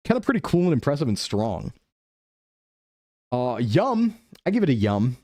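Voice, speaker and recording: A young adult man streaming a game live, chatting playfully with his chat and thinking his guesses out loud. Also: mid-range voice, big pitch swings, moderate pace, dry recording. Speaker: VTuber streamer. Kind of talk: live-stream gameplay commentary.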